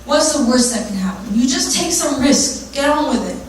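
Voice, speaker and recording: A woman's voice: sits high, animated, moderate pace, slight background noise. A woman giving a candid, emphatic motivational talk to a live audience, swearing freely and repeating her catchphrases. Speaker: workshop speaker. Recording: very echoey live room, distant mic.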